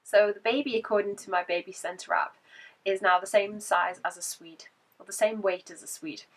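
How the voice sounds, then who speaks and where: A woman talks through a casual vlog update, her voice croaky from a cold. She is chatty and laughs between points. She sits a little back from the microphone, so her voice sounds slightly distant. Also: mid-range voice, fairly even intonation, moderate pace, fairly bright tone. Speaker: vlogger.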